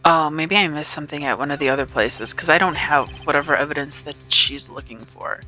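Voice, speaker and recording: Woman gamer, casual commentary, bright lowish voice, slow pace, soft game music behind. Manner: chatty, giggly, reads dialogue aloud. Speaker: let's play streamer.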